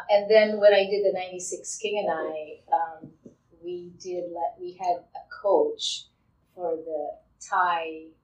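Older woman actor, lowish voice, thinking out loud, roomy far-off sound. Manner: reflective, hesitant with fillers. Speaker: stage actor. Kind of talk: interview clip. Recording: echoey room, distant mic.

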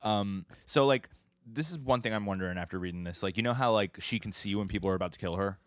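Laid-back young man with a low voice. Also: quick pace, dry recording, clean studio sound. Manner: laid-back, laughing, swears casually. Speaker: podcast co-host. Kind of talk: casual chat.

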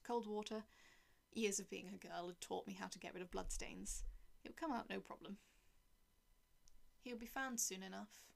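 A woman reading a dark first-person story aloud in a cold, detached way, often dropping to a whisper. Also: medium pitch, vocal fry. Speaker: narrator.

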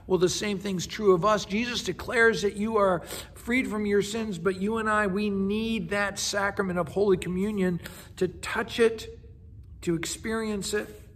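A man's voice: high voice, fairly even intonation, unhurried, a bit bright. A man, a pastor, giving a daily devotional in an earnest, conversational way, sometimes repeating words as he goes.

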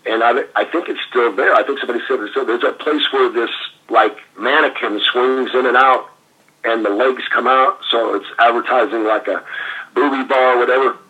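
A man's voice: mid-range voice, fairly even intonation, fairly quick, bright, forceful tone, slightly rough, muffled recording. An older man, a former pro wrestler, animatedly telling anecdotes in a casual interview with laughs and fillers.

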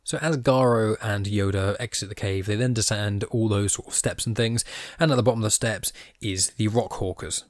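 A casual, chatty man with a lowish voice talks through a story recap with a self-deprecating manner. The recording is dry and close, with no room sound. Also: moderate pace, no room sound. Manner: chatty, self-deprecating, reads quoted lines aloud in his own voice. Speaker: podcast host. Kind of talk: casual comic recap podcast.

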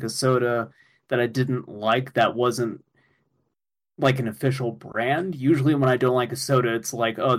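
A man co-hosting a casual comedy chat, rambling goofily with lots of filler words. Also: medium pitch. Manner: rambling, goofy, fond of filler likes. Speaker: podcast co-host.

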